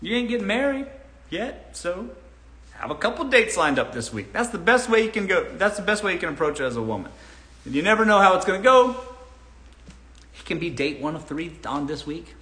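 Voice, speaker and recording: A man's voice: high-pitched, big pitch swings, a little fast, sharp tone. A man from Los Angeles hosting a live Q&A on dating, giving advice bluntly and with plenty of profanity. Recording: roomy echo.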